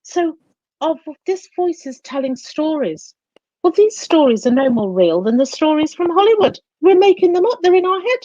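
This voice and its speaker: Therapist guest, a woman; lively explainer who acts out voices, slightly high-pitched, dry close sound. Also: moderate pace, dry recording, muffled recording. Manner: animated, acts out inner voices. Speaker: guest, coach and psychotherapist. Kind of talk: explanatory interview talk.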